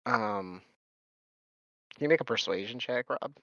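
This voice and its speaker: A man narrating as game master, talking haltingly with many fillers. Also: lowish voice, expressive, gravelly, pushed and bright, no room sound, lo-fi sound.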